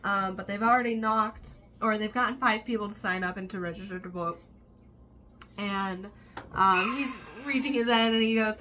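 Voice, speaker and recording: A woman's voice: medium pitch, moderate pace, pushed and bright, a little hiss or hum. Chatty woman recapping a book. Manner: chatty, rambling, with many fillers. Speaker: book vlogger.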